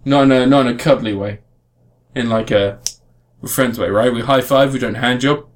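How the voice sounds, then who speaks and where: A man's voice: medium pitch, normal speed. A man in casual podcast chat, reviewing a game in a rambling way with frequent restarts. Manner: rambling, restarts often, animated emphasis.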